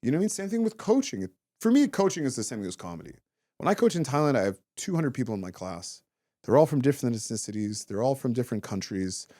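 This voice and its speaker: A man in his thirties, a former fighter turned comedian, chatting as a guest and telling animated stories full of swearing and acted-out quotes. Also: mid-range voice, fast talker, dry recording, studio quality. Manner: animated storytelling, acts out quotes, swears often. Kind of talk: casual interview chat.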